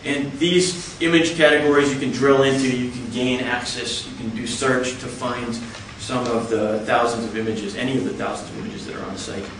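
A man giving a lecture, explaining step by step in a measured way. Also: mid-range voice, steady tone, fairly bright tone, a little hiss or hum. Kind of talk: explanatory talk. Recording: echoey hall, from far off.

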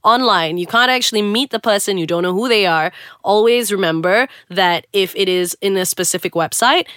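Lady cohosting a podcast, bright clear voice, chatty, says mate and honey. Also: medium pitch, moderate pace, dry recording, clean studio sound. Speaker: podcast co-host. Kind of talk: casual chat.

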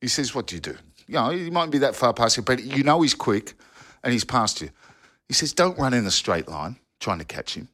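A former footballer telling old yarns in a casual podcast chat, rambling with restarts and asides. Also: male voice, mid-range voice, expressive, brisk, a bit bright. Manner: rambling storyteller with restarts and "you know". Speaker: football pundit, former player.

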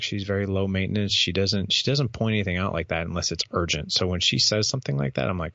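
A man in his thirties tells a candid personal story with a low, gravelly voice. He talks earnestly and often restarts and repeats words. The sound is dry, dull and lo-fi. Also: quick pace, pushed and bright, dry recording. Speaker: podcast host and guest speaker.

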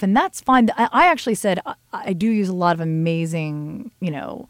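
A middle-aged woman hosting a podcast, telling stories in a candid, animated way and swearing freely. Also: on the low side, normal speed, hardly any pauses, no echo. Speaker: podcast host. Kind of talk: casual chat.

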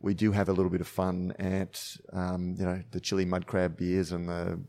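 Brief: male podcast host from Australia, lower voice, easygoing interviewer. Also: monotone, moderate pace, warm tone. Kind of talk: casual interview chat.

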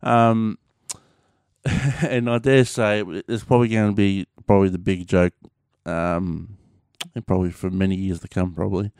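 A young Australian man hosts his own podcast, chatting casually by himself and rambling with plenty of fillers, restarts and some mild swearing. His voice is deep, steady and a little mellow, at a normal pace. The recording is clean studio sound with no room noise.

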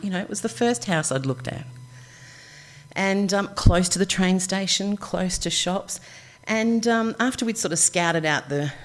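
Chatty Australian woman telling a story. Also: lowish voice. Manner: chatty, animated, acts out quoted voices. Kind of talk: live storytelling.

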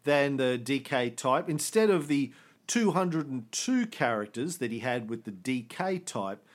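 A man hosting a casual history podcast, explaining events with quick jokes and the odd swear word. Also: medium pitch, expressive. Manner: jokey, swears, quick asides. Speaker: podcast host.

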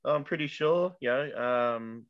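A man's voice: mid-range voice, unhurried. Wry man on dull audio. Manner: hesitant, many fillers, wry. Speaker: podcast co-host. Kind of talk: casual chat.

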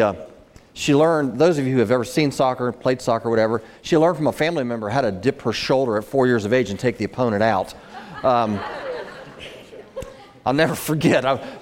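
A man's voice: mid-range voice, a little mellow. Man speaking in a reverberant hall. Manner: earnest, repeats phrases, talks to the crowd. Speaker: guest speaker. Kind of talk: personal story told to an audience.

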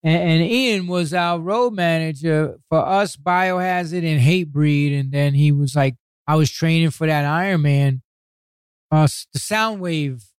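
A man's voice: a little high, unhurried, clean tone, no echo, studio quality. An older man telling stories as a podcast guest, swearing constantly and acting out what people said. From New York City. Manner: profane, animated, acts out quotes. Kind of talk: casual interview storytelling.

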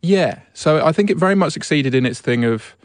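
A man's voice: a little high, expressive, brisk, no room sound. A man on a film podcast, a critic talking casually and thinking aloud. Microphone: studio mic in a podcast booth.

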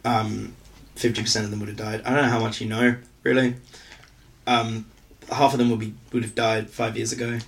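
A man's voice: on the low side, level tone, fairly quick, vocal fry. A man co-hosting a comedy podcast in casual chat, explaining plot points at length with restarts and laughs. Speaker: podcast co-host.

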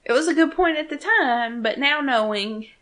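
A woman's voice: high-pitched, animated, moderate pace, fairly bright tone. A woman co-hosting a casual fan podcast, talking animatedly, swearing freely and acting out characters' lines. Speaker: podcast co-host.

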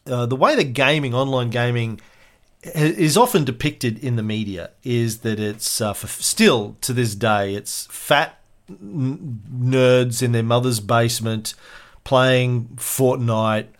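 Male podcast host, conversational storyteller, quick and loose delivery. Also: mid-range voice, animated. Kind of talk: casual podcast chat.

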